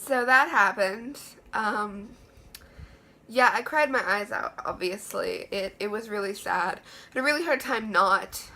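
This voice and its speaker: A woman's voice: mid-range voice, unhurried, sharp tone. A woman giving an enthusiastic, chatty book review in a room lined with books. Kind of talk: casual book review vlog.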